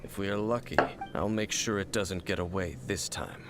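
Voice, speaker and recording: An actor playing a grave, secretive adventurer in a video game, speaking in a solemn, dramatic way. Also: male voice, low voice, moderate pace, a bit bright, slight background noise. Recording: game audio with music.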